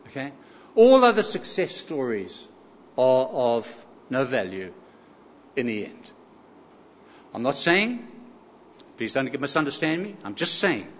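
A man's voice: on the high side, fairly bright tone. A man preaching a sermon, emphatic, repeating key phrases and asking the congregation rhetorical questions. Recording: echoey hall, slightly dull sound.

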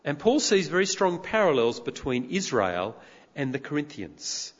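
A man preaching a sermon in a church, emphatic and expressive, firing off rhetorical questions at his congregation. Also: fairly high pitch, moderate pace. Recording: reverberant hall, dull lo-fi sound.

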